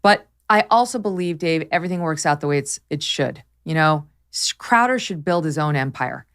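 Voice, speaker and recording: Low-voiced animated woman host. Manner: emphatic, quick, animated with laughs. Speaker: podcast host. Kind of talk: casual opinionated chat.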